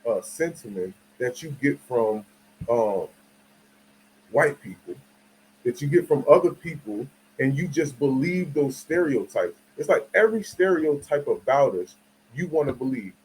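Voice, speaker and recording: A man's voice: mid-range voice, darkish tone, a little hiss or hum, low-quality recording. Slangy man telling a rambling story. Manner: rambling, slangy, restarts often; asks the audience for agreement. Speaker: channel host. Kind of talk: casual commentary and storytelling.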